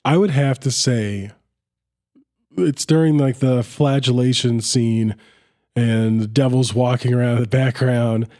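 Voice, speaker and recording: A man's voice: medium pitch, steady tone, measured pace, a little mellow. A man co-hosting a casual film podcast, laid-back and rambling, with lots of "like" fillers. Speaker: podcast co-host.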